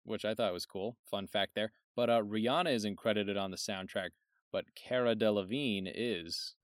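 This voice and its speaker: A young man with a low, plain voice talks through a movie in a relaxed, offhand way, now and then trailing off quieter. He is recorded close and dry, with no room around him. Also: moderate pace, no room sound. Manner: laid-back, offhand, swears casually, works from notes. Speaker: podcast co-host. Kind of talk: casual film review chat.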